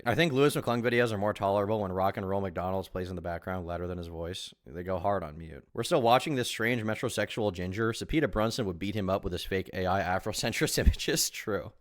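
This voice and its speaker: A man's voice: fairly low pitch, fast talker, hardly any pauses. A man streaming live reaction commentary on a video, talking in a sarcastic, crude and mocking way.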